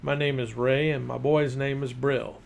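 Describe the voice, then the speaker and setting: A man voicing a gruff, laconic middle-aged father who speaks slowly. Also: mid-range voice, flat delivery, natural voice. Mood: easygoing.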